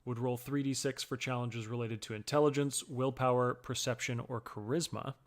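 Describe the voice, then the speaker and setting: A man's voice: medium pitch, steady tone, normal speed. A man co-hosting a casual chat, explaining the rules of a tabletop game step by step with examples. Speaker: co-host and player.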